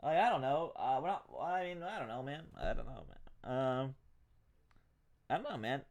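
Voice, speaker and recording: A man's voice: mid-range voice, expressive, normal speed, creaky, no room sound. A man streaming live, swearing and ranting with exasperation, rambling and cutting himself off as he talks. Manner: rambling, self-interrupting.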